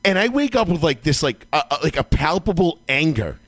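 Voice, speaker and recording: Animated, profane man telling a story. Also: a little high, a little fast, no room sound. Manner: animated, profane, acts out his own yelling. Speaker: podcast co-host. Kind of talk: casual sports talk storytelling.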